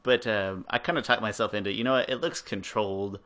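Low-voiced man chatting on a podcast. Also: brisk, fairly bright tone. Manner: goes off on tangents, acts out quotes. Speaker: podcast co-host. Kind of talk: casual chat.

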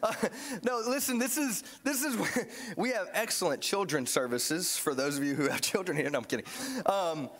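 A man with a high voice delivers a sermon to his congregation. He is playful and animated, jokes with the room, and often restarts his sentences mid-thought. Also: moderate pace. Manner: animated and joking, with frequent restarts. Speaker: pastor. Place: church.

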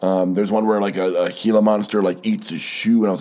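Male solo podcaster, low-ish voice, rambling and sardonic, swears freely, slightly stuffy nose. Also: level tone, brisk, mellow. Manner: rambling, profane, sardonic storytelling with many fillers. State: stuffy, keeps blowing his nose. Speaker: podcast host.

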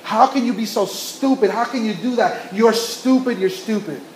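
Give this an angry mother tearing into her teenage daughter, hammering the same harsh insults again and again, as a male preacher acts her out. The voice is high and rings in an echoey room. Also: normal speed, slight background noise, close to an everyday voice. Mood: berating.

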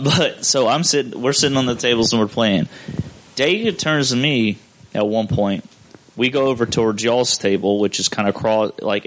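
A young man hosting a podcast, telling a story in a relaxed, profane way. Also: lowish voice, slight background noise, rough recording. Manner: profane, laid-back storyteller. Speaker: podcast host. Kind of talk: casual storytelling chat.

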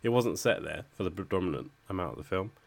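A man with a very low voice chats casually as a podcast co-host, reviewing a film. He is wry and conversational and often turns his points into questions. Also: lively intonation, quick pace, vocal fry.

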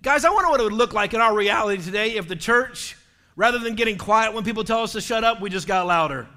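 A man preaching an impassioned sermon as pastor, rising often to shouts. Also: high voice, expressive, fast.

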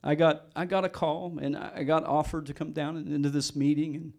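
A middle-aged man preaches with a notably high voice, earnest and animated. He stumbles and repeats words as he goes, restarting his sentences while he delivers a sermon. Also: a little fast, vocal fry. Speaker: pastor.

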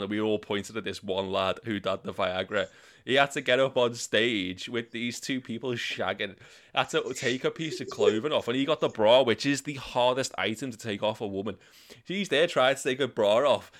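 Young man, low and bright-toned, crude laughing storyteller. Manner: swears freely, laughs while telling stories, mimics voices in sudden high bursts.

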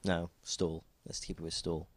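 A man's voice: sits low, level tone, normal speed, no room sound. A man co-hosting a podcast, chatting casually and making dry, teasing remarks. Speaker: podcast co-host. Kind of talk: casual chat.

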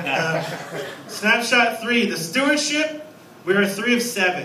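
A man in his thirties preaching a sermon as a guest pastor, lively and storytelling, acting out little scenes. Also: high voice, unhurried, echoey room, distant mic, background noise. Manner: animated, acts out scenes with a raised voice. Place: church sanctuary.

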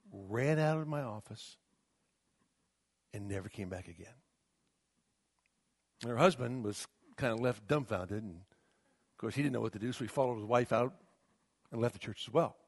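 A man's voice: medium pitch, husky, no room sound. A middle-aged male pastor preaching a sermon, swinging from emphatic rises to near-whispers, often restarting his words. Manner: repeats words and restarts mid-phrase.

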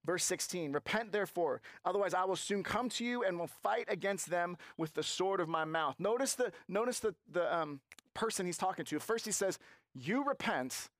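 Male pastor, sermon delivery, slightly raised pitch, dry room, slow emphatic stresses. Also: a bit bright, dry recording. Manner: emphatic preaching with slow stressed phrases and acted-out quotes.

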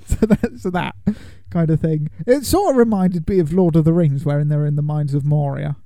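A man's voice: on the high side, moderate pace, dark tone, dry recording. A man co-hosting a podcast, casually and playfully recapping a film and slipping into silly voices. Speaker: podcast co-host.

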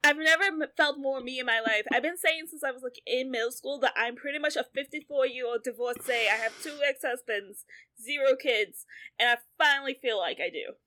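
A woman in her late twenties chatting casually as a podcast co-host, animated and swearing a lot, often laughing through her words. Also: high voice, brisk. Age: 20s. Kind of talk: casual chat.

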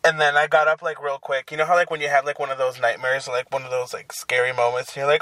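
A man's voice: medium pitch, steady tone, brisk, few pauses, sharp tone, dry recording. A young man hosting a casual solo podcast from his parked car, rambling and swearing as he talks. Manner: crude, rambling, profane storytelling. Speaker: podcast host.

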